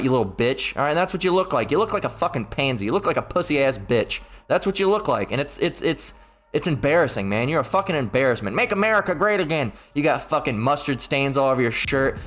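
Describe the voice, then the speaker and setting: A man's voice: medium pitch, fairly bright tone. A man delivering an angry, profane political rant, full of stumbling restarts as he reacts to an article.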